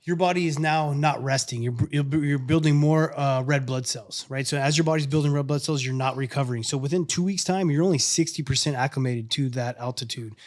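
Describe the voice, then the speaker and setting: A man's voice: mid-range voice, fairly quick, few pauses, darkish tone. A man on a studio podcast, confidently explaining things in casual chat.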